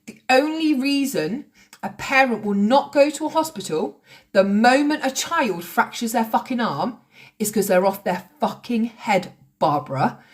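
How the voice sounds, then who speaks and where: A woman's voice: fairly high pitch, lively intonation, a little slow. Sweary woman ranting on a livestream. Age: late 30s. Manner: confrontational, sweary, sarcastic. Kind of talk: heated livestream rant. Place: at home, recording on TikTok Live.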